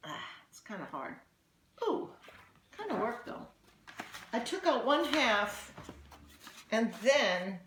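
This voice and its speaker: Woman art teacher, encouraging and chatty, unhurried; home recording in an echoey room. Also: medium pitch, fairly bright tone, slight background noise. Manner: encouraging, chatty, thinks aloud while demonstrating. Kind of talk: children's art lesson.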